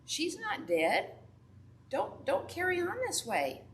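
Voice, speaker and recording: A woman voicing Jesus as a calm, gentle man while telling a Bible story to children. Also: very high voice, takes it slowly, gravelly, a little hiss or hum, pitched above the performer's own voice, heavily acted. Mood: questioning. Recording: echoey room from far off.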